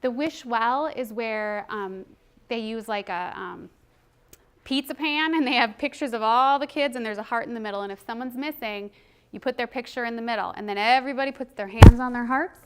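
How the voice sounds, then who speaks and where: A middle-aged woman presenting a teaching workshop, conversational and animated, breaking into short acted classroom scenes. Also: a little high, moderate pace, smooth. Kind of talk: teaching presentation with role-play demonstration.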